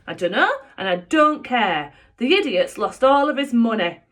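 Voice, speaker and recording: Haughty spoilt young woman, read by a woman, loud and dismissive, storybook. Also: a little high, sing-song, unhurried, voice pushed up, exaggerated voice. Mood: scornful. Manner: sharp and dismissive.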